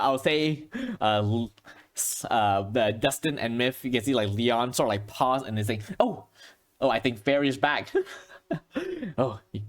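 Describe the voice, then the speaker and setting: A man narrating as game master, rambling with lots of fillers and soft chuckles. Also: medium pitch.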